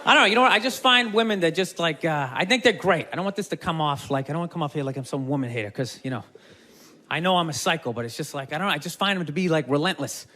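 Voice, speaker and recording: A man doing stand-up comedy, ranting loudly and exasperated, often shouting and swearing. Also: a little high, quick pace. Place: live comedy club stage. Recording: live club set with loud crowd laughter and noise.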